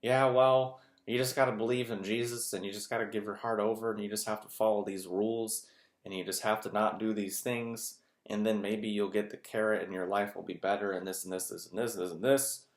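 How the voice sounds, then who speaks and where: A man's voice: on the low side, steady tone, fairly quick, close to an everyday voice. A man voicing a preachy adult who lectures in a singsong way about following rules. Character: preachy adult urging belief. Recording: echoey room.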